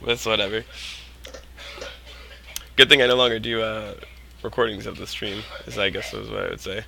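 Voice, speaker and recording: A man's voice: lowish voice, steady tone, moderate pace, creaky, long pauses, background noise. A man streaming a game, chatting casually with lots of "like" and "uh" fillers. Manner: rambling, lots of likes and uhs, drops to a mutter. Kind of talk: casual gaming stream chat.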